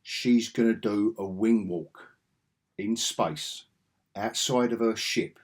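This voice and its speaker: A man's voice: fairly low pitch, fairly even intonation, slow. A man giving a rambling, sarcastic spoken review, chuckling often as he retells scenes.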